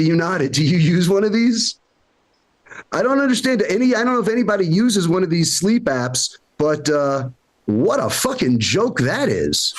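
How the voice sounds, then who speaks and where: A man doing a stand-up set, brash and profane, ranting in exasperation about everyday annoyances. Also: sits high. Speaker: stand-up comedian.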